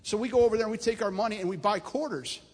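A man preaching a sermon, telling stories in an animated voice that climbs and grows loud at its peaks. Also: high voice, racing. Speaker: pastor. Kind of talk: storytelling sermon. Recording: long hall reverb.

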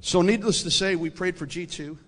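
Man preacher, high voice, animated folksy storytelling; echoey hall. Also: fairly quick. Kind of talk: storytelling sermon.

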